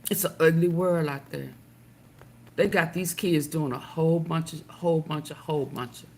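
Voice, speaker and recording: A woman's voice: low-pitched, moderate pace, slight background noise. A middle-aged woman hosting casual reaction commentary, emphatic and preachy, swearing freely. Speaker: commentary channel host.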